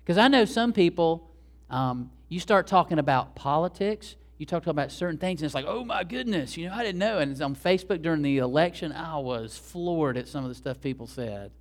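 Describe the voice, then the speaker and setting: A man preaching a sermon as pastor, animated and acting out the dialogue he quotes. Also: fairly high pitch, moderate pace.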